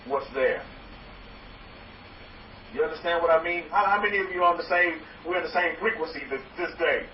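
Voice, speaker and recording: A man preaching as a rabbi to a congregation, loud and excited, repeating phrases for emphasis. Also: on the high side, a little fast. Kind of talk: energetic sermon to a congregation. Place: hall with congregation. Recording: roomy, distant, dull lo-fi recording with faint noise.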